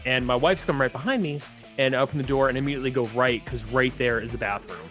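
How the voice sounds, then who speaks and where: A young man on a casual podcast, telling a story with lots of swearing and acting out voices with big jumps in pitch. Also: fast, fairly bright tone, faint music behind. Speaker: podcast co-host.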